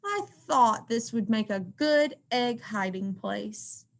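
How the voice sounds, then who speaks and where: A woman's voice: a little high, animated, takes it slowly, vocal fry, exaggerated voice. A woman reading aloud and voicing a sad little female Easter bunny.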